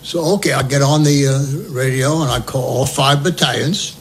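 A man's voice: medium pitch, moderate pace, a little hiss or hum, poor audio. An older man telling a war story for an oral history recording, humorous, acting out the dialogue. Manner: lively, humorous, acts out dialogue.

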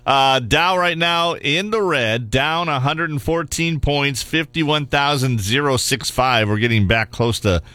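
A man cracks jokes before giving a market update on morning radio. His voice is bright and forward at a middle pitch. The sound is dry and close. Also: measured pace, hardly any pauses, dry recording. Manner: wisecracking. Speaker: business reporter. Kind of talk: joking radio banter.

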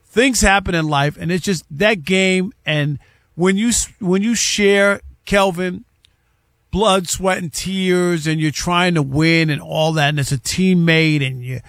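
A man's voice: sits high, measured pace, creaky, fairly bright tone, no echo, clean studio sound. A middle-aged man co-hosting a casual sports talk show, speaking emphatically and repeating himself for stress. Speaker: co-host, former beat writer.

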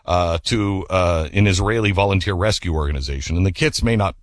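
A radio host man telling an animated story in a chatty way, then reading ads. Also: low-pitched, a little fast. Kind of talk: storytelling and ad reads.

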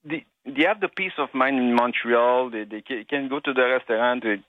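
A man from Quebec with a Québécois French accent, calling in to a radio show and speaking in a halting way with many restarts. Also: mid-range voice, dry recording. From Quebec, Canada. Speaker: caller. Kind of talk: call-in radio chat. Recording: dry tinny phone line.

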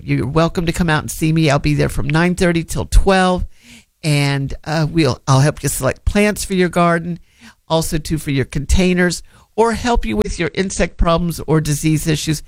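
A man hosts a gardening call-in show, rambling through tips in a chatty, friendly manner. His voice sits a little high for a man. The sound is dry and close, with no room around it. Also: moderate pace, no echo. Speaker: gardening radio show host. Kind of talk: casual radio gardening advice.

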